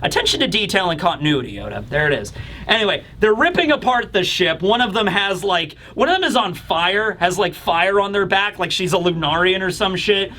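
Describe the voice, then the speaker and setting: Bright-voiced, chatty male manga reviewer. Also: high voice, big pitch swings, brisk, slight background noise. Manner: chatty, laughing, swears casually. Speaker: host. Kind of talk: casual manga chapter review.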